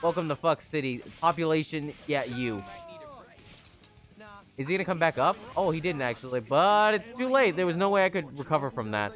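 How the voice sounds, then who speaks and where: A young man streaming live gameplay, talking excitably to his viewers, swearing often and yelling at the game. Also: on the high side, normal speed.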